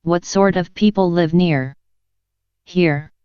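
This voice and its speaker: A woman voices a courteous young girl who asks question after question. The delivery is unhurried and very clean. The audio is a little dull and lo-fi. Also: lowish voice, clean tone, no echo. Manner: politely questioning. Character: young girl Alice, polite and puzzled. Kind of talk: audiobook character reading. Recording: dull lo-fi sound.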